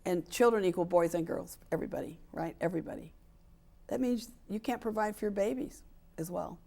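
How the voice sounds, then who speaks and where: Gravelly older woman, emphatic. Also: fairly low pitch, brisk, warm tone. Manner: emphatic, acts out quoted dialogue, repeats for stress. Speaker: interview guest, sports equality advocate. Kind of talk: candid interview conversation.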